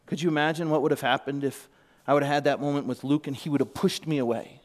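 A man's voice: on the high side, steady tone, quick pace. A middle-aged man giving a sermon as a pastor, telling a heartfelt story and sometimes dropping to a whisper. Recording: long reverb of a large hall.

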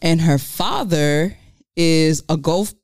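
Animated podcaster in casual chat. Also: medium pitch, takes it slowly, no echo, clean studio sound. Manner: animated storyteller, swears freely. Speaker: podcast co-host.

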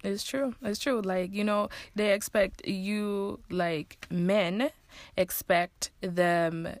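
A woman from Jamaica, co-hosting a podcast, tells stories in a relaxed, casual way. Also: medium pitch, takes it slowly, no room sound. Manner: relaxed storyteller, speaks standard English. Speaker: podcast co-host, sister. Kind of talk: casual chat.

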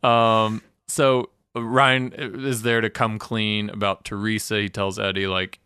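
A man's voice: lowish voice, little pitch movement, takes it slowly, few pauses, pushed and bright, smooth, dry recording, clean studio sound. A man co-hosting a casual recap chat, laughing often and acting out scenes. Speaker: podcast co-host.

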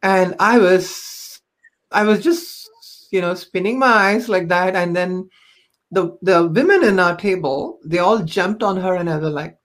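A woman's voice: fairly low pitch, measured pace. A woman, a podcast guest, telling personal stories in an earnest, reflective way with frequent ums and you-knows. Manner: earnest, reflective, many fillers like um and you know. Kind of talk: personal storytelling in conversation.

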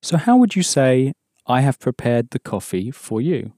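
A man's voice: medium pitch, very animated, moderate pace, dark tone, no room sound, clean studio sound. A man teaching an audio language course, patiently explaining and prompting the learner to answer.

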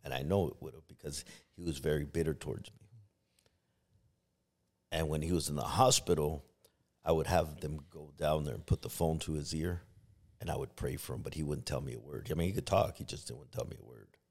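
A man's voice: very deep voice, fairly even intonation, fairly quick, darkish tone. A middle-aged man, a pastor, telling a personal story in a podcast interview, with many restarts, acting out what others said. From Los Angeles area. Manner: storytelling, acts out quoted voices, many restarts.

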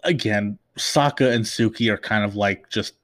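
A man's voice: fairly low pitch, normal speed, a bit bright, dry recording. Man, podcast host, casual recap, lots of ums, emotional, dry close sound. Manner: chatty, emotional, many fillers and restarts.

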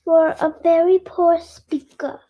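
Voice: extremely high pitch, little pitch movement, a little slow, lo-fi sound. A child reading as a cross storybook king. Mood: stern. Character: sharp-tempered male king in court.

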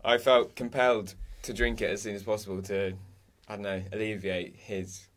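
A man's voice: lowish voice, level tone, normal speed. A young man co-hosting a podcast, rambling through a dream story with lots of "um"s. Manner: rambling storytelling with many "um"s and "I was like". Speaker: podcast co-host. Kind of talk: casual chat, recounting a dream.

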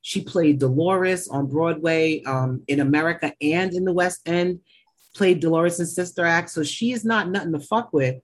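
A woman's voice: on the low side, moderate pace. A woman co-hosting a casual TV recap, blunt, opinionated and swearing freely. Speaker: podcast co-host.

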